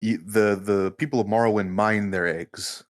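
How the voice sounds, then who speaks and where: A man with a fairly low voice co-hosts a casual podcast. He gives profane, mock-serious asides and explains things at length in a loose, conversational way. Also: fairly even intonation, normal speed. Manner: crude, mock-serious humor. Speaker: podcast co-host.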